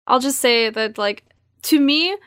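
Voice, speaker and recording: A woman hosting a casual podcast chat, speaking softly and somewhat hesitantly. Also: high-pitched, a little slow, clear, resonant tone, no room sound, clean studio sound. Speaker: podcast host.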